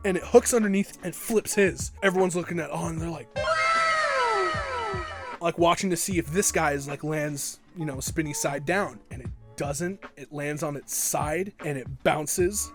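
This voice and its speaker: A young man telling an exaggerated comic story for his vlog, swearing freely and building it up like an epic battle. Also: a little high. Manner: profane, exaggerated, mock-epic. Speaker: vlogger. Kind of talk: comedic storytime monologue.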